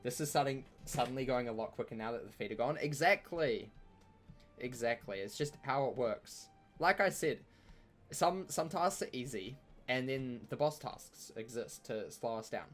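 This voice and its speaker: A man streams himself playing a game and chats along in a playful, joking way, taunting the enemies as he fights. His voice sits at an ordinary middle pitch, and faint music plays quietly under his talk. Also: moderate pace. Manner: playful, chatty, mock trash talk at enemies. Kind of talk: live gameplay commentary.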